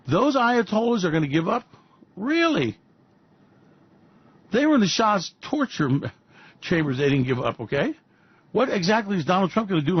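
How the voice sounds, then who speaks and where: Sarcastic ranting man with husky voice. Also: high-pitched, dry recording, muffled recording. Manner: sarcastic, mocking, profane, repeats "Really?". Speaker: financial commentary host. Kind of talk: ranting political-economic commentary.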